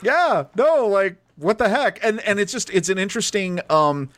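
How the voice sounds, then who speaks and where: A man co-hosting a casual movie podcast, his pitch swooping up and down as he gets excited. He rambles eagerly and restarts sentences often. The sound is dry and close, with no room echo. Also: moderate pace. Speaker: podcast co-host.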